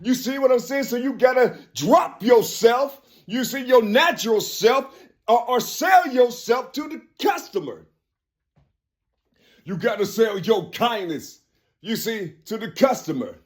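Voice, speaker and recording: A man's voice: expressive, a little slow. A man talking straight to camera in a rambling monologue, constantly adding "you see" and "you know," restarting phrases and breaking into laughs. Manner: laughs between phrases, drops suddenly low and quiet. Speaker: vlogger.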